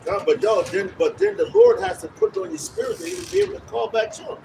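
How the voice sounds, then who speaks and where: A man preaching on the street in an emphatic, profane, animated way. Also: very high voice, fast talker, vocal fry. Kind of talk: casual religious discussion. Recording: outdoor street recording from a distance with traffic noise.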